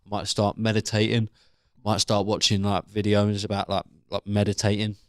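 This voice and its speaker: A man co-hosting a comedy debate show, trading crude jokes with a deadpan, mock-earnest delivery. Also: fairly low pitch, normal speed, clear, resonant tone, no echo, clean studio sound. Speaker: co-host.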